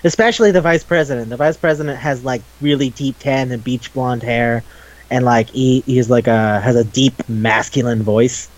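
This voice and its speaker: A man's voice: medium pitch, moderate pace, low-quality recording. A young adult man hosting a podcast, chatting casually and animatedly, laughing often and swearing freely. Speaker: podcast host. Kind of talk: casual chat.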